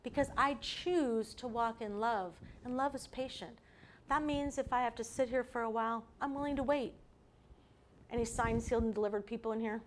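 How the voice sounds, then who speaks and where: A woman preaching a sermon to a women's group, earnest and dropping to a soft hush for emphasis. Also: on the high side, moderate pace, a little hiss or hum. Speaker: women's ministry speaker.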